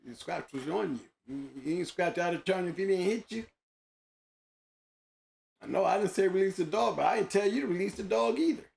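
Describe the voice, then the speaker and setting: A man's voice: sits high, expressive, a little fast, vocal fry, a little mellow. A man hosting a show, talking casually in an emphatic, slangy way, often repeating himself. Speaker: host. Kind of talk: casual monologue.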